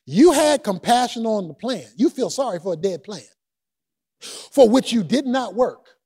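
A preacher putting on the voice of God, calm and patient. He speaks lower and slower than the rest of the sermon, in measured, probing questions. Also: husky, heavily acted. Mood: reproving. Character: calm, patient divine male voice.

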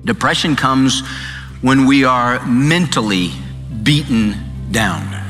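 A man's voice: mid-range voice, takes it slowly, fairly bright tone. A man preaching a sermon, telling a story with emphatic, shifting delivery. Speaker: pastor. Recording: long hall reverb, faint music.

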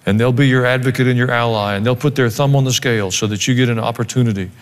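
A man preaching a sermon as pastor, reading scripture and adding dry joking asides in an animated way. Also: mid-range voice, quick pace. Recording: long hall reverb.

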